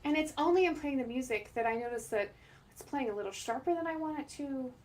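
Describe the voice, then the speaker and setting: Chatty higher-voiced woman oboe teacher. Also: quick pace, darkish tone, slight background noise. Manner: chatty, self-correcting, laughs often. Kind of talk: instructional talk to camera.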